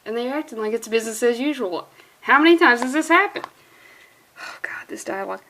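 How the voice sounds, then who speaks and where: A woman's voice: high voice, animated, normal speed, rough recording. Sarcastic woman reviewing comics. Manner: sarcastic, incredulous running commentary; often laughing through her words. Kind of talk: comedic comic-book reading.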